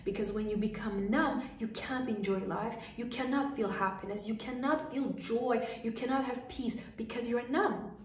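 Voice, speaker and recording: High-voiced woman, emphatic, echoey and distant. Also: normal speed, few pauses. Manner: emphatic and direct, repeating firm commands. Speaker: lifestyle coach. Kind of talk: motivational advice to camera. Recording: echoey room, voice distant from mic.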